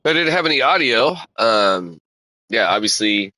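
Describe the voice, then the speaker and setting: A man chatting casually to viewers of his live stream while sim racing, laid-back and rambling, swearing and filling pauses with ums and uhs. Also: lowish voice, animated, dry recording. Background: loud music.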